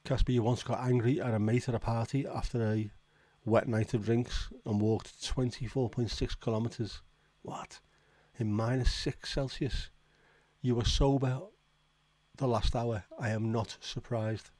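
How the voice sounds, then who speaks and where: A man's voice: medium pitch, flat delivery, normal speed, a little mellow, no echo. A man hosting a casual livestream, reading out viewer comments and reacting with blunt, swearing disbelief. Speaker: livestream host.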